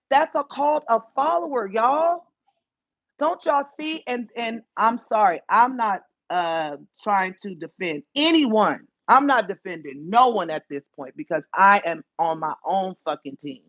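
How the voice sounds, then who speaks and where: This livestream host chats casually in a mid-range, fairly bright voice that is expressive and unhurried. She's blunt and emphatic and swears a lot. The lo-fi phone audio sounds dull and dry, with no echo.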